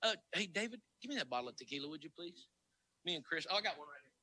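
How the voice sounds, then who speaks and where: A middle-aged male comedian co-hosting an online show, telling stories in casual chat, animated and swearing freely. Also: on the high side, rapid-fire, husky, dry recording, rough recording. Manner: animated, swears freely, bursts into loud laughter. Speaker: comedian and co-host of an online concert series.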